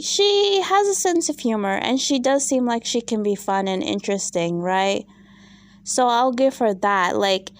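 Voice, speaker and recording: A woman's voice: on the high side, darkish tone. A woman vlogging a casual, opinionated recap of a reality show, chatty and exasperated, full of fillers and asides.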